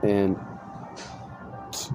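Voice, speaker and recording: A man hosting a podcast drags out his words as he wanders through a profane, casual story, often interrupting himself to restart a sentence. Music and other noise fill the background.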